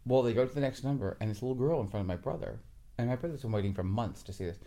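A man chats as co-host. He tells stories with animated energy and slips into high voices to mimic people. His talk is loose and casual. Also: rapid-fire. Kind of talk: casual chat.

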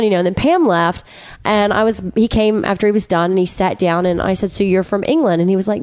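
A woman's voice: mid-range voice, steady tone, a little fast, a little mellow, clear, resonant tone, no room sound. A woman co-hosting a podcast, chatting casually and telling long anecdotes with frequent laughter. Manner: chatty storyteller, laughs often. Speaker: podcast co-host. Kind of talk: casual chat.

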